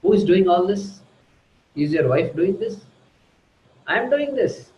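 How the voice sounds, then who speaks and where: A man's voice: high voice, expressive, a little slow, a little mellow, reverberant, muffled recording, a little hiss or hum. A man playing a fed-up, complaining pet dog. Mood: aggrieved. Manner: aggrieved, complaining.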